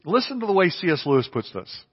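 A man's voice: sits high, big pitch swings, quick pace, slightly rough. A man preaching a sermon with earnest emphasis, often repeating his phrases for weight. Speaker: pastor. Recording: dull audio with long hall reverb.

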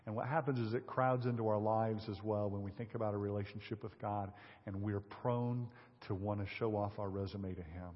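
A man's voice: on the low side, steady tone, a little fast. Man preaching in an echoing hall. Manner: conversational preaching with fillers, reading scripture aloud. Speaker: pastor. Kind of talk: sermon. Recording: dull audio in a hall with long reverb.

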